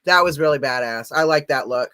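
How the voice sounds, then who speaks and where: Bright, gushing, profane chat show host. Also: mid-range voice, brisk, clear, resonant tone. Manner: gushing, profane, laughs a lot. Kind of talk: casual chat.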